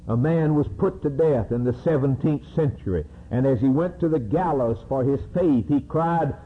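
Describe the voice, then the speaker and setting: A man preaching a sermon slowly and emphatically, climbing to high, ringing peaks. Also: slightly rough. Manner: slow, emphatic preaching that rises to high-pitched climaxes. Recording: narrow, phone-like recording.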